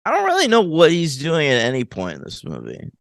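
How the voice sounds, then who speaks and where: Animated male podcast co-host, dry sound. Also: a little high, brisk, creaky, no echo. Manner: animated, laughs often, mocks movie lines. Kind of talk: casual film review chat.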